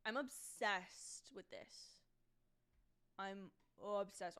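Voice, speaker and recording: A woman's voice: mid-range voice, unhurried, fairly bright tone, clear, resonant tone. A young woman hosting a casual livestream from home, chatting in a self-deprecating way and often trailing off mid-thought. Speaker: livestream host. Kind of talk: casual live watch-along commentary.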